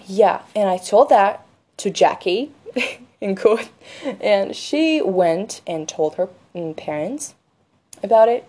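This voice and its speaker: A woman's voice: mid-range voice, warm tone. A teenage girl talking casually and earnestly, with lots of fillers, sharing advice about choosing a career. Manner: earnest, chatty, many fillers like "you know". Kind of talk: casual monologue.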